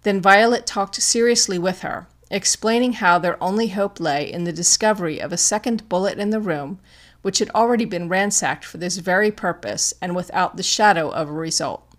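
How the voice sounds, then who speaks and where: A woman narrating a classic detective story in an audiobook, with a measured, expressive reading. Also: on the low side.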